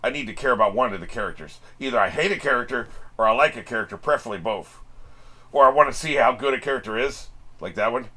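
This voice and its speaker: A man's voice: mid-range voice, animated, fast, pushed and bright. A man hosting an anime reaction channel, giving casual, wisecracking commentary with plenty of swearing and frequent chuckles.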